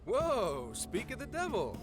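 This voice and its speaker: Game dub: relaxed middle-aged detective, very lively pitch, music bed. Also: male voice, unhurried, heavily acted.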